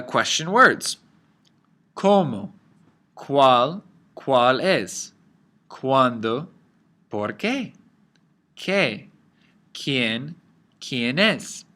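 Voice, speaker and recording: A man's voice: on the high side, bright, forceful tone. A man teaching a language lesson from slides, explaining patiently and mixing English with Spanish examples, with frequent fillers.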